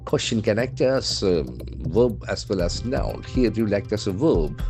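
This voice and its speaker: A man with an Indian English accent teaching English words from a newspaper, spelling them out letter by letter and repeating each word slowly. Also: fairly low pitch, expressive, music in the background. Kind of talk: newspaper vocabulary lesson.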